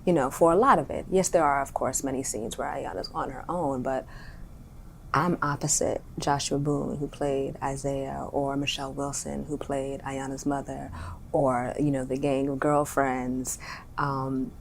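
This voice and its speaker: A young woman with a notably low voice talks thoughtfully as an interview guest. She is from Harlem and searches for her words, often restarting a phrase. A faint rumble sits under the recording. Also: level tone, unhurried, creaky. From Harlem, New York. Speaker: actor and writer, interview guest. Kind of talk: reflective interview talk.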